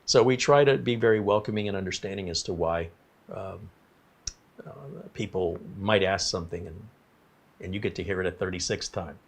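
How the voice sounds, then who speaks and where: A man's voice: low voice, normal speed. A man hosting a casual livestream, talking in a rambling, apologetic way and reading viewer comments aloud. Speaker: livestream host.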